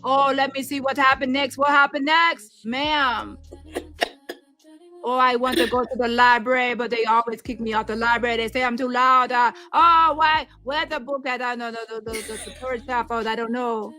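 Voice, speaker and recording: A woman putting on the voice of a loud, clueless woman who keeps pestering people in a quiet place, shrill and demanding. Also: level tone, fast talker, few pauses.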